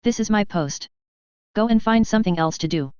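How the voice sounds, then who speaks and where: A woman's voice: mid-range voice, animated, brisk, darkish tone, clear, resonant tone, no echo, close to an everyday voice. A woman reading the lines of a cold, resentful young female assistant with an icy, clipped manner. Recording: dull, muffled recording.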